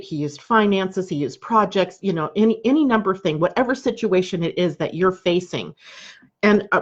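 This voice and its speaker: Woman astrologer host from the US, conversational, fond of rhetorical asides; low-ish voice, muffled stream sound. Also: a little mellow. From United States. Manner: chatty, conversational, asks rhetorical questions. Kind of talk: live daily astrology broadcast.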